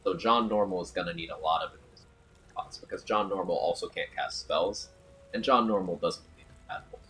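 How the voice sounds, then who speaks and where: A man's voice: sits low, brisk, sharp tone, slightly rough, low-quality recording. A man streaming a game, chatting casually and joking while reading viewer comments aloud. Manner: jokey, riffing and reading chat aloud. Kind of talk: casual chat with live chat.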